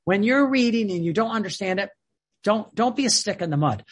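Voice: mid-range voice, animated, brisk. A devotional speaker teaching about prayer in an informal, earnest way, often restarting and repeating phrases.

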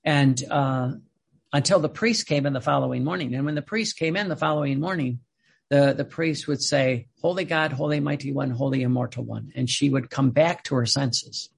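A man giving a devotional talk about a holy woman, speaking in halting phrases with many fillers and restarts. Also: medium pitch, creaky, breathy edge. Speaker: religious speaker.

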